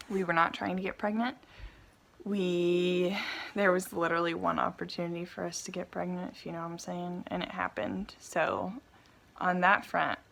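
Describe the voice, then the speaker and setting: A young woman telling a personal story on her vlog, animated and often laughing. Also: on the low side, creaky, low-quality recording. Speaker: vlogger.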